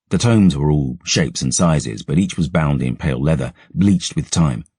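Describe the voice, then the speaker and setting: A man narrating a dark fantasy audiobook in a measured, brooding storytelling manner, close to a studio mic. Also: rumbling low, breathy edge, no room sound.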